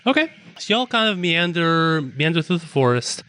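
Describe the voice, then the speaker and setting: A man narrating a tabletop game as game master, relaxed and halting, with many fillers. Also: on the high side.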